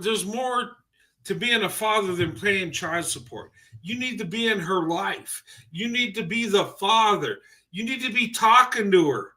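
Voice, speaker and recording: A man hosting a reaction commentary, incredulous and mocking, pausing to laugh and imitate what he hears. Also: sits high, bright, forceful tone. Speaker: commentary channel host.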